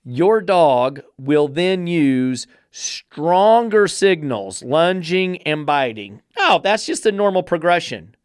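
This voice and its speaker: A man's voice: fairly high pitch, big pitch swings, takes it slowly, few pauses, smooth, dry recording, studio quality. A man hosting a podcast about dog training, ranting bluntly and sarcastically, swearing freely as he gets fired up. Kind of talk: podcast rant.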